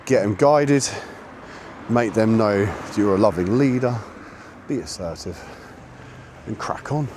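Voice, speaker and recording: A man vlogging a dog walk, chatting casually and snapping out high, sharp commands to his puppy. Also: measured pace, long pauses, noisy background. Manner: sharp high-pitched commands to a dog between relaxed chat. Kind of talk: casual narration while walking a dog. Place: outdoors on a woodland and road walk.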